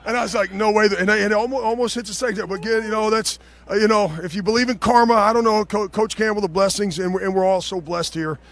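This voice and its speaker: Man, football coach, emotional, stammering, quick delivery, outdoor field. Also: sits high, fairly even intonation, a bit bright. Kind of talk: postgame interview.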